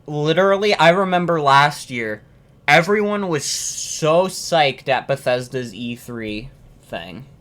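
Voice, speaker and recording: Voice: medium pitch, expressive, slow pace, a bit bright. A streamer chatting casually on a live reaction stream, ranting and swearing about games, often repeating themselves.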